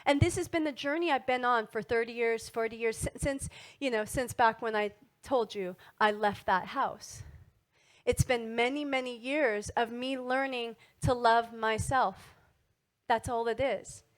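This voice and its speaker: A middle-aged woman giving a motivational wellness talk to an audience, animated and asking frequent tag questions. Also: fairly high pitch, unhurried. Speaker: wellness speaker.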